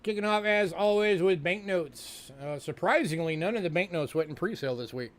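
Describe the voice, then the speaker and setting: A New Yorker hosting a coin sale livestream keeps the sales talk casual and chatty, full of fillers and repetition. His voice sits high, sounds expressive and moves fairly quickly.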